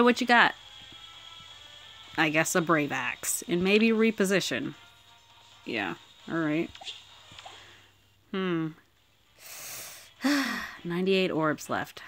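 A woman giving casual commentary while pulling characters in a mobile game, excitable and swearing freely, swinging from squeals to mutters. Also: deep voice. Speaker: mobile game summoning vlogger.

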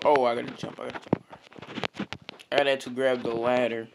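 A man giving casual gameplay commentary, swearing constantly and breaking into loud frustrated outbursts. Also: medium pitch, flat delivery, moderate pace, gravelly, heavy background noise. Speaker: gamer and YouTuber.

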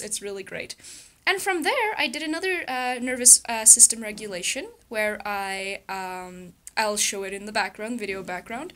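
A young woman in a casual vlog, talking softly and reflectively, with frequent laughs and a gentle self-soothing manner. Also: fairly high pitch. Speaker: YouTuber.

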